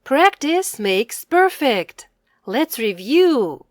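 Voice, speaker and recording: A woman teaching young children to read. She speaks slowly and clearly, says each word aloud, then echoes it in a whisper. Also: high-pitched, big pitch swings, background noise. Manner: slow, clear, encouraging delivery for young learners. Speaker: reading teacher. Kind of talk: scripted children's reading lesson.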